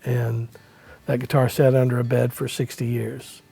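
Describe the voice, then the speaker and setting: A middle-aged man, a musician guest, telling a rambling story in a relaxed way, with many fillers and acted-out quotes. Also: medium pitch, normal speed, creaky, husky, faint music behind. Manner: acts out quoted lines in the story. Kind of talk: casual anecdotal storytelling.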